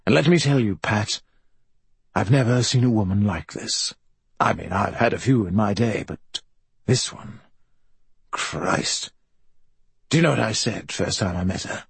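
A man voicing a boisterous, profane middle-aged male film star with a Welsh accent and a husky voice, swaggering and rambling. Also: lowish voice, a little slow, long pauses, no room sound, exaggerated voice. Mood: boastful. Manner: brash, swaggering, rambling storyteller.

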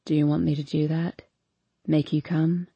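A woman reading as a brooding, bossy young man, lowering her voice and murmuring his lines. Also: little pitch movement, moderate pace, slightly rough, dry recording, lo-fi sound. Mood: low teasing. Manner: low murmuring delivery.

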